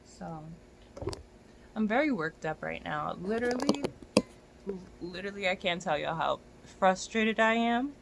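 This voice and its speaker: A young adult dog walker ranting to a phone camera, exasperated and profane, often climbing to near-shouts. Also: medium pitch, lively intonation, a little slow, gravelly.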